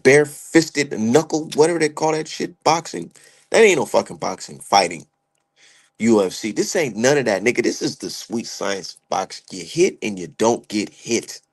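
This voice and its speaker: A man's voice: medium pitch, gravelly, breathy edge. Heated, profane young man ranting. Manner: heated, profane, animated, slangy. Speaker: boxing commentary streamer. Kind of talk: ranting casual commentary.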